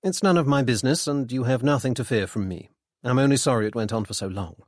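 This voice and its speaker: A polite, apologetic young gentleman, as read by a male narrator, courteous and a little rushed. It sits at a middling pitch in a dry, close storybook reading. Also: no echo, lightly acted.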